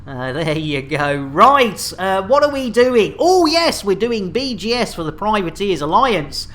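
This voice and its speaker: Woman streamer, cheeky banter, mid pitch, playful host energy. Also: big pitch swings, measured pace, a bit bright. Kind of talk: lively live-stream chat.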